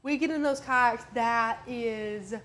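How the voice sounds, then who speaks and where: A woman co-hosting a live crafting stream, telling stories in a chatty way with quick asides. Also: fairly high pitch, a bit bright, slight background noise. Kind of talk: casual chat.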